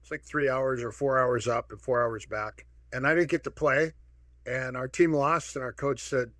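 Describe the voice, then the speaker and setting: A man in his sixties, from Minnesota, telling lively stories as a podcast guest and acting out the dialogue in them. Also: mid-range voice, normal speed, no echo, studio quality. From Minnesota, USA. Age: 60s. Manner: lively anecdotal, acts out quoted dialogue. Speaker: guest, martial arts pioneer. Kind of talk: casual storytelling.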